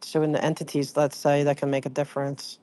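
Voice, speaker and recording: This is a livestream host in easy, casual chat. The talk rambles and keeps breaking off mid-thought to greet viewers by name. The voice sits at an ordinary middle pitch. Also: completely flat delivery, fast, mellow.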